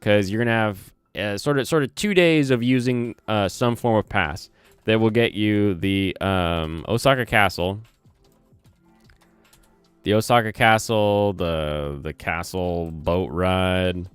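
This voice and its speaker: A slow-paced, fairly low, smooth male voice with a slight Southern twang comes through a close desk mic in a dry recording. The channel host rambles through a casual livestream, fixing his words as he goes and reading chat aloud, with soft lo-fi music and keyboard typing behind him.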